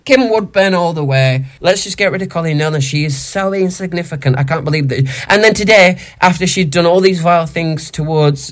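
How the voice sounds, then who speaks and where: A man co-hosting a podcast, ranting in an indignant, animated, sweary way. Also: fairly high pitch. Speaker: podcast co-host. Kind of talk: casual chat rant.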